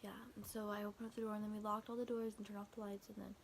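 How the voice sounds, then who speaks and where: Speaking very fast, a young vlogger rambles through a storytime about a frightening night, filler-heavy and constantly restarting, quoting texts with "I was like" and "he's like." Her pitch stays flat and gravelly with fry, over a faint ambient hiss.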